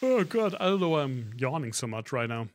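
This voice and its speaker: A man's voice: medium pitch, big pitch swings, brisk. A man streaming a video game, talking casually and thinking aloud, often trailing off and restarting his sentences. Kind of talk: live-stream gameplay commentary.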